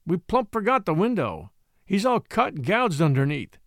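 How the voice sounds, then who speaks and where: A man voicing Matt, a gruff middle-aged frontier dog musher who talks in a rough backwoods dialect and blurts out his words, in a storybook reading. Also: high-pitched, big pitch swings, normal speed, no echo, studio quality. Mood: grumbling.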